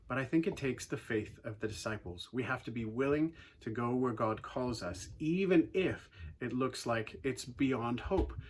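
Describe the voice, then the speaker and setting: A man giving a casual youth talk, retelling a Bible story as an animated storyteller with playful sarcastic asides. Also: mid-range voice, husky. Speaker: youth ministry speaker.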